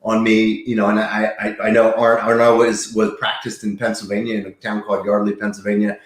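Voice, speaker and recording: A man's voice: fairly low pitch, little pitch movement, a little fast, echoey room. A man in his fifties, a chiropractor, talking earnestly and enthusiastically as an interview guest, often restarting his sentences. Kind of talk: casual interview talk.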